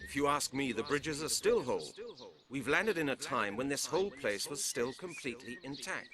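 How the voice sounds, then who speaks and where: An actor playing a calm, reassuring male adventurer companion in a video game. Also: medium pitch, moderate pace, crowd noise, close to an everyday voice.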